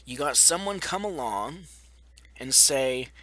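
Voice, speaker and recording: A man's voice: mid-range voice, animated, slow pace, bright, forceful tone, no room sound. A young man delivering a blunt, profane, sarcastic rant to camera as a vlogger, often mocking the people he argues against. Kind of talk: ranting commentary to camera.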